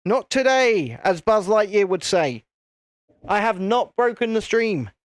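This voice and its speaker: A man's voice: high voice, measured pace, no room sound, studio quality. A British man hosting a casual live stream, chatting to viewers in a self-deprecating way.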